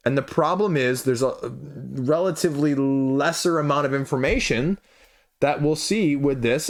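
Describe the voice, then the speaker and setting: A man reviewing board games, talking casually through a crowdfunding page and peppering it with rhetorical questions and asides. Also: medium pitch. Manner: conversational, full of rhetorical questions and "you know, right?" asides. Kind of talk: casual commentary while scrolling a crowdfunding page.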